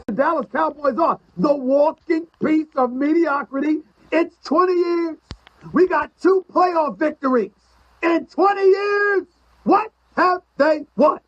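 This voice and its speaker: Guy on a sports debate show, real high husky voice, taunting, dull lo-fi tv clip. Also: a little slow. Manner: mocking, taunting, emphatic. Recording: lo-fi TV broadcast clip.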